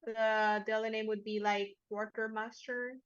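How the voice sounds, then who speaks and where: Casting: woman game master, slightly high voice, dull lo-fi stream sound, measured narration. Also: flat delivery. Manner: narrates in a measured way, acts out characters.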